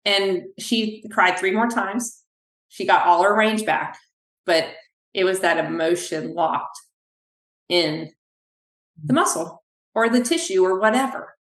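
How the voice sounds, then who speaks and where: A woman physical therapist talking in a podcast interview, telling animated stories from her clinic. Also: medium pitch, moderate pace. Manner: animated, acts out quoted dialogue. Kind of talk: podcast interview, conversational storytelling. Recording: echoey room.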